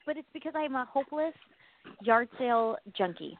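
A woman's voice: fairly high pitch, animated, normal speed. A woman co-hosting a casual radio chat, bubbly and rambling, laughing often, sounding stressed and tired. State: stressed and exhausted. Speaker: co-host. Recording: tinny phone line, dry.

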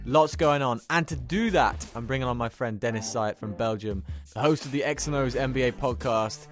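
A man's voice: medium pitch, moderate pace, soft background music. A man hosting a sports podcast, talking in an upbeat, chatty way. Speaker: podcast host. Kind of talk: casual sports podcast chat.

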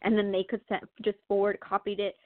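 A woman chats through a personal story in an animated way. She laughs often and uses many fillers. Her voice comes over a thin, phone-like line with a dry sound. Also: medium pitch, brisk, no echo. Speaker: guest sharing testimony. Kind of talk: casual testimony chat.

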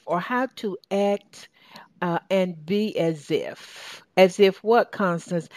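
A woman with a Southern US accent hosts a radio talk show in an enthusiastic, chatty way, with a lot of fillers. Her voice sits a little low for a woman. The sound is dry and close, with no room around it. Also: no room sound. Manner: enthusiastic, lively, with frequent fillers. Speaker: talk radio host and success coach. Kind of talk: upbeat radio show monologue.

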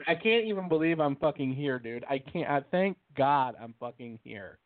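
A man's voice: on the high side, expressive, normal speed, no room sound. A man co-hosting a podcast, telling a story in a heated, profane way during casual chat. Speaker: podcast co-host. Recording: tinny phone-like line, dry.

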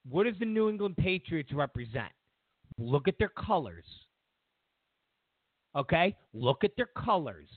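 A sarcastic male host delivers a mock-outraged rant, his fairly high voice leaping wildly between shouts and mutters. The sound is thin and phone-like, with no room echo. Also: sing-song, unhurried, long pauses. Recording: dry tinny phone-like sound.

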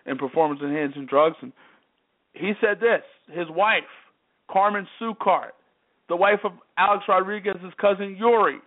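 Over tinny phone-line audio, a sports radio host with a voice that sits high speaks at a moderate pace. His worked-up, emphatic monologue is repetitive, hammering the same phrases again and again.

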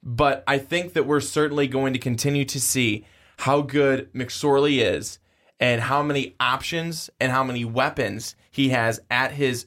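A man with a mid-range voice co-hosting a sports podcast in casual conversation. He talks at a measured pace and works through his points out loud, often circling back to rephrase. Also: mid-range voice. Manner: measured, thinking aloud with fillers and restarts. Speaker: podcast co-host.

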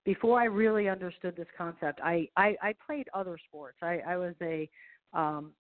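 A woman's voice: fairly low pitch, moderate pace. A middle-aged woman, a golf professional and speaker, talking as an upbeat, motivational radio interview guest. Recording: tinny phone line.

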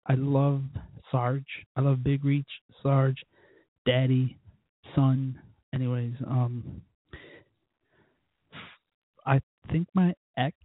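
A podcast host rambles through his solo show, running himself down and swearing nonstop. His voice is mid-range and husky, with a dry, phone-quality sound.

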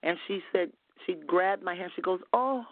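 A woman's voice: fairly low pitch, steady tone, moderate pace, no echo. Woman sharing an earnest testimony by phone. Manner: earnest, storytelling with restarts. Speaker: guest minister. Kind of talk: testimony on a call-in radio show. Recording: tinny phone line, dry.

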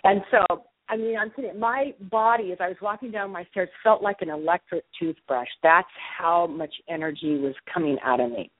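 A woman's voice: lowish voice, normal speed, few pauses, no room sound. A middle-aged woman, an author, telling a personal story in a casual interview and acting out her own reactions as she goes. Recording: dry, tinny phone line.

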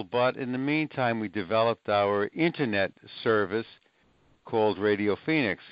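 A man, a guest being interviewed, explaining in a measured way with occasional fillers. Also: lowish voice, clear, resonant tone, no room sound. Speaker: guest, nonprofit project manager. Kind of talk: interview answers. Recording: muffled lo-fi recording.

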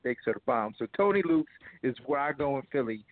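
A man talking as an interview guest, rambling and animated, laughing often. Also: mid-range voice, quick pace. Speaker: guest, former fighter and actor. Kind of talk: casual phone interview. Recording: tinny phone line, dry.

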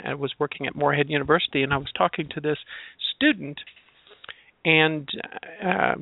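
Gravelly man on a tinny line. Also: fairly high pitch, no room sound. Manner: searching, explanatory, leans on personal examples. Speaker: transgender educator. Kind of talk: spoken reflection on labels. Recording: tinny, dry phone-line sound.

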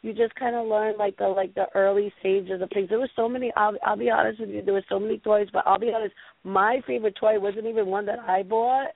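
A woman's voice: medium pitch, fairly even intonation, a little fast, vocal fry, no echo. A woman hosting a casual call-in show, telling rambling stories full of filler words. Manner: rambling storyteller, many fillers. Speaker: show host. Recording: tinny phone-line audio with faint noise.

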